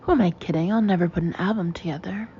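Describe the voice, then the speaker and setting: A woman's voice: fairly low pitch, fast, muffled recording, a little hiss or hum, close to an everyday voice. A woman voicing an impulsive woman shopper who speaks emphatically and enthusiastically. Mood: emphatic.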